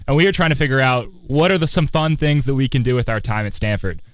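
A man's voice: medium pitch, fast talker, no room sound. A young man in his twenties, a student co-hosting a campus radio show, chatting playfully and rambling with laughs. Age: 20s. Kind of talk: casual chat. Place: outdoors on a quad.

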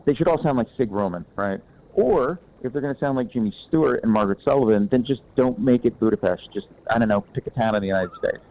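A man's voice: mid-range voice, quick pace, darkish tone, poor audio. A man bluntly giving his opinions in a casual chat about old films. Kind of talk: casual film discussion.

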